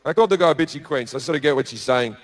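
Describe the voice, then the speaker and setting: Brash, profane Australian stand-up comic. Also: male voice, on the high side, lively intonation, very fast. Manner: brash, profane, acts out every character in the story. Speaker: stand-up comedian. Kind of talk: stand-up storytelling.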